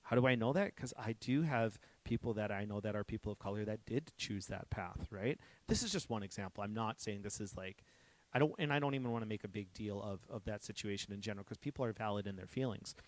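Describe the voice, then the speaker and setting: A man's voice: lowish voice, fast talker. A young man giving a casual, conversational sermon to his church, candid and self-deprecating, with frequent restarts. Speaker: pastor.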